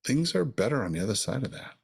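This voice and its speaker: A man's voice: mid-range voice, very animated, fast talker, gravelly, slightly rough. An older man co-hosting a podcast, talking in an earnest, reflective way and repeating words for emphasis. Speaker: podcast co-host. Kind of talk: casual conversation.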